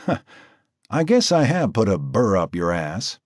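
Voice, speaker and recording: A man's voice: lowish voice, big pitch swings, unhurried, a little mellow, no echo, studio quality. A man voicing a wry, tough undercover cop in an audiobook. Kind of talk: audiobook character voice.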